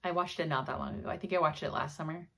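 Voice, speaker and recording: Chatty woman with a low voice. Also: rapid-fire, creaky, a bit bright, slightly rough. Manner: chatty, rambling, lots of ums and likes. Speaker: video host. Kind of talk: casual chat.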